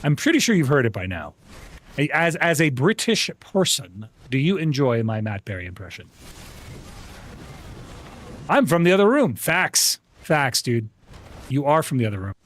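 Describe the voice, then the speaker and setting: A man's voice: normal speed, long pauses, slight background noise. A man streaming a game live, chatting casually and greeting viewers by name, with frequent restarts. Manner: rambling restarts, animated jumps in pitch. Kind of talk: casual live-stream chat while gaming.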